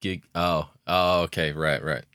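A young man co-hosting a casual podcast chat, halting and deadpan with many restarts. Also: low voice, clean tone, no echo, studio quality. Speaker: podcast co-host.

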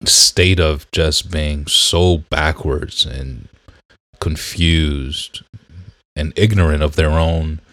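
Very deep, slow-talking man. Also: fairly even intonation, fairly bright tone, dry recording. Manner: slow, searching, agreeable. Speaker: podcast co-host. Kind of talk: casual chat.

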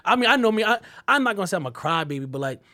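A man hosting a podcast, talking in an animated, emphatic way with lots of laughter and AAVE phrasing. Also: high voice, very fast. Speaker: podcast host. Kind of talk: casual chat.

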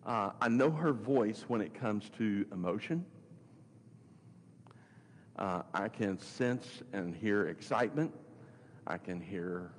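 A man's voice: mid-range voice, long reverb tail. A man teaching as a pastor, earnest and probing, asking his listeners rhetorical questions and often restarting his phrases. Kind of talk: sermon podcast teaching.

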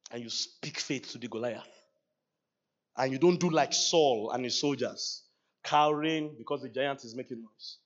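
A man preaching a sermon at a church service, animated, laughing often and acting out dialogue with God. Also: mid-range voice, highs cut off. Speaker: pastor.

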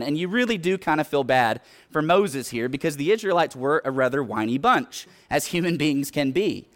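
A man's voice: on the high side, fairly bright tone. A man preaching a sermon in an earnest, exhorting way, often retelling scripture stories.

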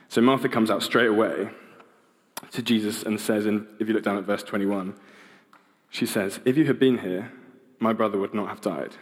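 A man's voice: lowish voice, big-room sound. Casual, hesitant young man preaching. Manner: casual, hesitant, many ums and restarts. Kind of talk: informal sermon.

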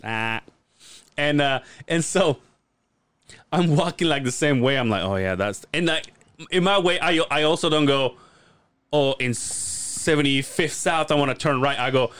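A man's voice: on the high side, unhurried, a bit bright, clean tone, no room sound. A man co-hosting a podcast in casual chat, rambling through stories, laughing often and acting out other people's lines. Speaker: podcast co-host.

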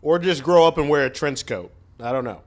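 Higher-voiced man musing wryly on a podcast. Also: animated. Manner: deliberate, self-correcting, wry. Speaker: podcast co-host. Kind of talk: casual joking chat.

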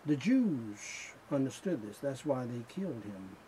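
A man preaching a sermon in slow, emphatic phrases that build in fervor. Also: mid-range voice, very animated, dark tone, slight background noise, low-quality recording.

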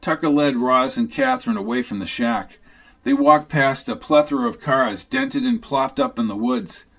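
A man reading a novel aloud as narrator, in a steady, even manner. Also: mid-range voice, normal speed, vocal fry. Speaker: audiobook narrator. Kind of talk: scripted narration.

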